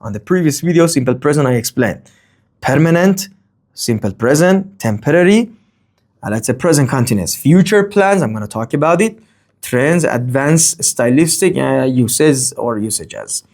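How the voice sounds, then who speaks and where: Non-native male English teacher with a lively, up-and-down voice. Casual, rambling delivery. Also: medium pitch, moderate pace. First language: not English. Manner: lively, rambling, fond of "okay?" and "let's say". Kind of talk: grammar lesson.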